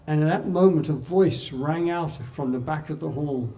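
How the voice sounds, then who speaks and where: A man giving a talk in an impassioned storytelling way, with dramatic pauses. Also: a little high, warm tone, distant mic. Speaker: speaker at a talk. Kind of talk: storytelling speech.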